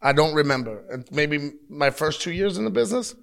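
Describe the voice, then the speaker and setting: A man in his thirties, a wrestler giving an interview, talking bluntly and with lots of swearing as he tells animated stories. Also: fairly high pitch, a little fast, gravelly. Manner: blunt, profane, animated storytelling. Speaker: pro wrestler, interview guest. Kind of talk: casual interview talk. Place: at a wrestling show taping.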